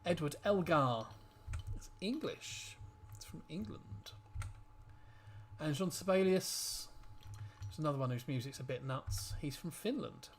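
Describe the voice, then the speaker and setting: A man's voice: fairly high pitch, animated, measured pace, a little hiss or hum. A man co-hosting a casual family quiz video, reading out the answers with dry, joking asides.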